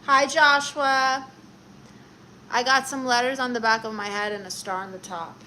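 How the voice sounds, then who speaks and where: A chatty woman hosts a casual live stream, reading out viewer comments and replying to each one. Her voice sits a little high. She talks loosely and conversationally. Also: fast talker, sharp tone, a little hiss or hum, low-quality recording. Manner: chatty, reads viewer comments aloud and answers them. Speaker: livestream host.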